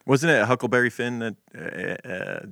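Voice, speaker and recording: A man's voice: medium pitch, wildly swooping pitch, moderate pace, vocal fry, bright, forceful tone, dry recording, studio quality. A man co-hosting a podcast in casual chat, rambling and laid-back, with lots of fillers. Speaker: podcast co-host.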